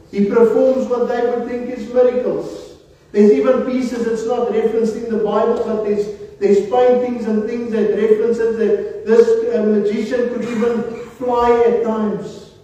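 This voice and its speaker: A man's voice: high voice, little pitch movement, unhurried, mellow. A male pastor preaching a sermon in earnest, calling his listeners "beloved" again and again. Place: church hall. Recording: echoey hall from far off, dull lo-fi sound.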